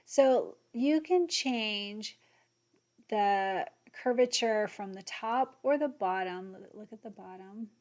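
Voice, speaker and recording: A woman hosting an embroidery software tutorial, excitable and gushing, sometimes muttering to herself as she clicks along. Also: medium pitch, takes it slowly. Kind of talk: screen-share software tutorial.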